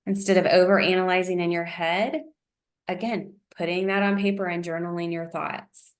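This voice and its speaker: A woman presenting a wellness lesson in a gentle, encouraging way, with frequent "um"s. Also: on the low side, fairly even intonation, moderate pace. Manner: gentle, encouraging, uses fillers like um.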